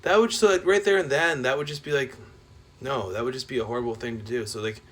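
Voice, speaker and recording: A man talking in a rambling, profane monologue rant. He is full of filler words and swings between loud outbursts and low mutters. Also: fast. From Canada.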